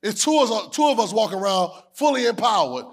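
A man a sermon in a call-and-response style. He repeats phrases, asks the room whether they hear him, and climbs to shouts. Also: high voice, very animated, fast, vocal fry. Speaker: preacher.

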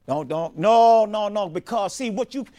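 A man's voice: sits high, moderate pace, warm tone. A middle-aged man preaching a sermon as a pastor, emphatic and repetitive, often restarting his sentences.

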